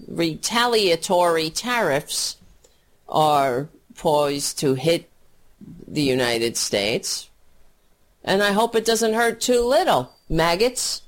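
A woman giving angry, scornful political commentary, often halting and repeating words as she rants. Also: medium pitch.

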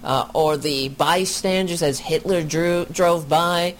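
Slow, indignant reaction commentator. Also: medium pitch, a little hiss or hum. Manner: indignant, sarcastic, deliberate.

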